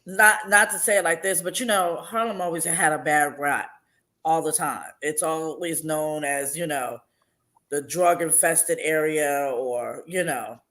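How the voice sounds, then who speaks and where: A man's voice: on the high side, unhurried, sharp tone. A man hosting an interview chat, responding supportively and affirming his guest. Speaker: host.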